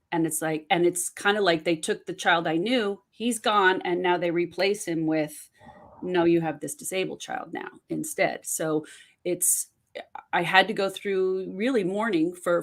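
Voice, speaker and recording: A middle-aged woman, telling a personal story in an interview and often restarting her sentences with fillers. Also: fairly low pitch. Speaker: guest, autism parent and podcaster. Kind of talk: conversational interview.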